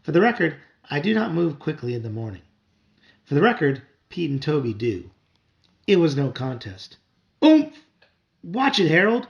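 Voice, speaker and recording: Man reading a kids' book aloud, wry expressive telling, gravelly, slightly high voice, dull lo-fi home recording. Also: moderate pace. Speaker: father reading to his child. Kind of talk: reading a children's novel aloud.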